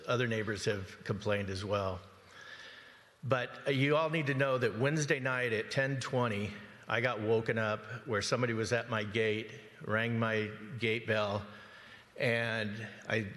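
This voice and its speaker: A man addresses a council meeting as a resident during public comment, emphatically and agitatedly telling a distressing story and repeatedly asking "okay?". His voice is on the low side with a fairly bright tone, echoing with the long reverb of the council chamber.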